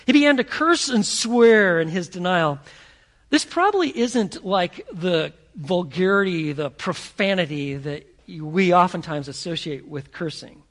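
A pastor preaching in a high, gravelly voice. He talks conversationally and animatedly, slipping into voices to act out his scenes. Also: a bit bright. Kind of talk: sermon.

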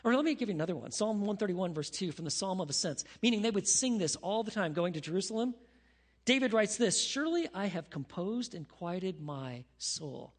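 A man preaching a sermon as pastor, animated, dropping to a hushed voice when he prays. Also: high-pitched, fairly quick, long reverb tail. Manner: animated, drops to a hushed voice for prayers.

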